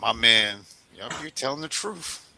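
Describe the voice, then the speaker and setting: Bright-voiced joking male podcast host. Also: medium pitch, unhurried, gravelly, a little hiss or hum, low-quality recording. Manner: joking, teasing, animated retelling. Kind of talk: casual interview chat.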